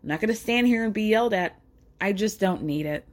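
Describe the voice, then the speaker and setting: A woman's voice: mid-range voice, animated, fairly quick. A woman casually recapping a reality show, sassy and profane, acting out the people she quotes.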